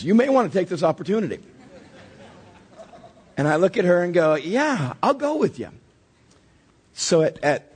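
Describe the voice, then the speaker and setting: Pastor, man in his forties, a bit hoarse and husky, lively animated delivery. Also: on the high side. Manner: storytelling with lively acted-out quotes. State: slightly hoarse. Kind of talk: sermon.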